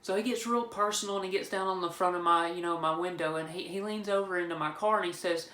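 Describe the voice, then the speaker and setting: A man's voice: high-pitched, steady tone, fast talker, hardly any pauses, sharp tone. Guy spinning a rambling, jokey story, recorded in an echoey room. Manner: rambling, joking, with frequent restarts. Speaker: vlogger telling a personal story. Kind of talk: casual storytelling. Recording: roomy echo.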